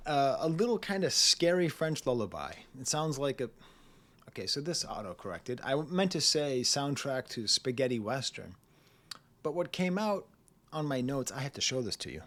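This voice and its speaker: A man with a voice of ordinary middle pitch gives a casual spoken album review. He rambles from one thought to the next, tosses in jokey asides and laughs often as he talks. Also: expressive, normal speed. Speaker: music reviewer, channel host.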